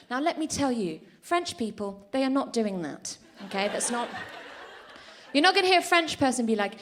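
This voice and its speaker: A woman performing a live stand-up routine on a comedy club stage, telling stories in an animated, punchy way. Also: fairly high pitch, moderate pace.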